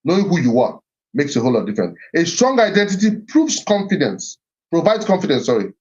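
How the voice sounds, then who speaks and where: A man's voice: fairly high pitch, sing-song, fast talker, darkish tone. A middle-aged man giving an earnest, reflective talk on heritage and identity, often repeating himself and restarting phrases. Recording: slightly muffled recording.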